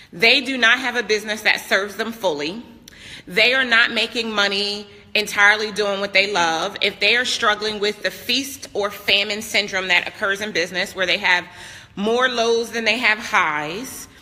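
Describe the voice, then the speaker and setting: Holding her phone at arm's length, a woman business coach talks casually but emphatically on a live stream, greeting viewers by name as she moves in and out of a vacation house. Her voice is fairly high, pushed and bright, echoing as if in a large hall.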